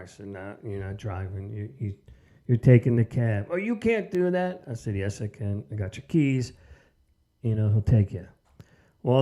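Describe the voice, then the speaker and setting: Plainspoken older man with a mellow voice. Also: medium pitch, dull audio. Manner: conversational, plainspoken, frequent "you know" and "man". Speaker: sobriety channel host. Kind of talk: casual storytelling monologue.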